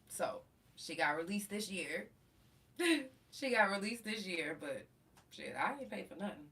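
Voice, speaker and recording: Woman on her podcast, cussing and acting out the story, bright forceful voice, a bit far off the mic. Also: medium pitch, measured pace. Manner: profane, animated, acts out quotes. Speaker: podcast host. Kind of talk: casual storytelling.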